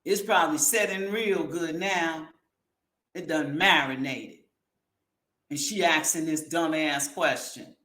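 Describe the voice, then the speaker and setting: A woman's voice: low voice, slow, fairly bright tone. A woman hosting a commentary show, giving a blunt, heated and slangy opinion monologue. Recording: echoey room.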